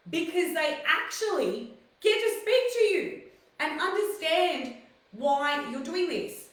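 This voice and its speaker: High-voiced woman host, echoey and distant. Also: lively intonation, measured pace. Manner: rambling, filler-heavy, chatty. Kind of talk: casual talk-show monologue. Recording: very echoey room, mic far off.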